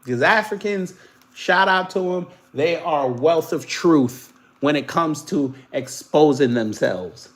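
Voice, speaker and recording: This political commentary host from the Caribbean has a voice on the high side and an unhurried delivery. He reads posts aloud casually, mocking them sarcastically and swinging between loud outbursts and muttered asides.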